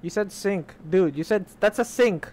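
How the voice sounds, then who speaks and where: A man's voice: high voice, moderate pace, a little mellow. A young man streaming a game, chatting casually, swearing and reading the game's text aloud. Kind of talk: casual let's play commentary.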